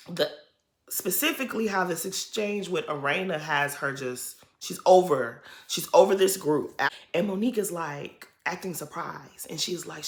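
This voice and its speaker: A woman's voice: mid-range voice, a bit bright, reverberant. A woman giving blunt, sassy commentary on a reality show in a casual recap.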